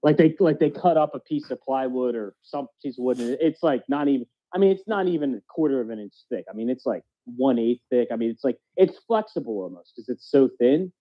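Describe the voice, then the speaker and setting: A man with a faint Philadelphia accent chats casually as a podcast co-host, rambling and blunt and swearing freely. His voice sits at a middling pitch. The recording sounds a little dull and lo-fi. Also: expressive, fairly quick, few pauses. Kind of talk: casual chat.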